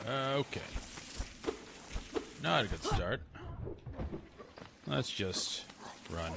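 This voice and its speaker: A man's voice: mid-range voice, big pitch swings, very slow, creaky, heavy background noise. A man casually chatting and muttering to himself while streaming a game. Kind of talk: casual gameplay commentary.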